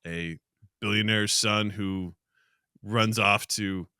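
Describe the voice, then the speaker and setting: Animated storytelling man, bright dry voice. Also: fairly low pitch, slow pace, clear, resonant tone, no echo. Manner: animated storyteller, acts out quotes with shouts. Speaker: podcast co-host. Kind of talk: casual chat.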